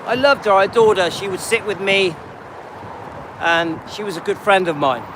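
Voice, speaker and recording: A man's voice: sits high, moderate pace, noisy background. A man in his late fifties chatting casually on a livestream while walking his dog, rambling and talking to viewers by name. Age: 50s. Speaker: livestream host.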